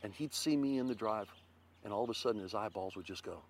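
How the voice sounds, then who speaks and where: A man's voice: fairly low pitch, fast, background noise. An older man from Ohio, a former ballplayer, telling stories in a casual interview and acting out quotes. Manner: animated storyteller, acts out quotes loudly. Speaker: interview guest, former baseball pitcher.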